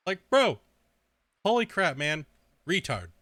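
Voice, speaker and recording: A man's voice: a little high, sing-song, a little slow, a bit bright, no echo, clean studio sound. A young man streaming a video game in casual chat, trash-talking with heavy profanity, laughing often and rambling with filler words.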